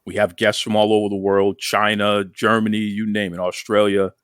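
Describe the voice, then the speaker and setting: A man's voice: on the low side, little pitch movement, moderate pace, fairly bright tone, clear, resonant tone, no echo, studio quality. A man hosting an interview show, asking questions in an upbeat, playful way. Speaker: podcast host.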